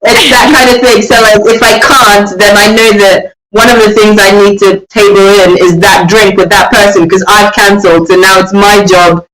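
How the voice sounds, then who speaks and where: A man guest in a casual interview, telling animated stories about himself and poking fun at himself. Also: high voice, normal speed, hardly any pauses. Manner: animated storyteller, acts out quotes, self-mocking. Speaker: guest, children's author. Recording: roomy, distant mic, crowd behind.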